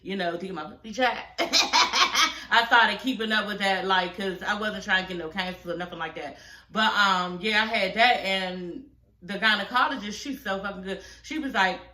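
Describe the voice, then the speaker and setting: A woman in her forties, working as a reality show commentator, tells a personal story in casual reaction commentary, candid and full of profanity and asides. Her mid-range voice is animated, fairly quick, bright and forceful, with a reverberant sound.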